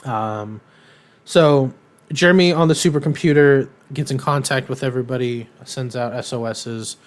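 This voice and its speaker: A man's voice: medium pitch, moderate pace. A man co-hosting a podcast, recapping a cartoon in a casual, rambling way, with lots of ums and irreverent asides. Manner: rambling, filler-heavy, irreverent; acts out characters' lines in quotes. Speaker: podcast co-host.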